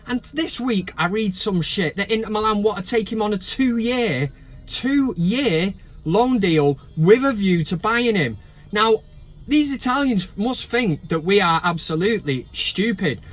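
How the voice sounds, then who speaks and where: Male fan vlogger, raised pitch, sarcastic and sweary. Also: expressive, a little slow. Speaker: fan channel host. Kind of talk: ranting casual vlog.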